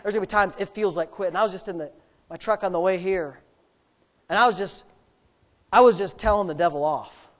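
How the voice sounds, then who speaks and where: Delivering a sermon, a man alternates hushed low asides with high shouted emphasis and lingers on emphatic phrases.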